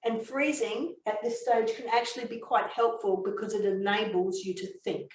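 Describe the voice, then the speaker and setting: A woman giving a communication training webinar, explaining and telling a story in a measured way. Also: mid-range voice, slight background noise. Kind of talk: webinar teaching. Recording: echoey room, mic far off.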